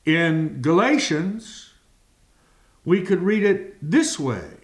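Male preacher, sermon delivery, unhurried and deliberate, voice on the higher side. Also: big pitch swings. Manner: slow, deliberate, stretching key words of scripture.

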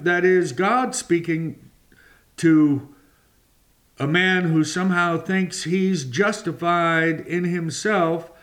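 Male preacher, sermon delivery, unhurried and deliberate, voice on the higher side. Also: steady tone, a bit bright. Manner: slow, deliberate, stretching key words of scripture.

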